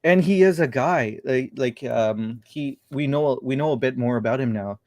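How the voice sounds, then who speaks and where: A man's voice: mid-range voice, normal speed, a little mellow, no echo, studio quality. A man hosting a casual livestream chat, rambling and thinking aloud as he talks. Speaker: show host.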